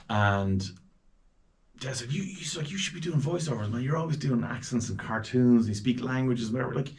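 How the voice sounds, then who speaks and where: Irish man, deep voice, rapid storytelling, casual guest chat. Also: gravelly. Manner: lively anecdotes with quoted voices.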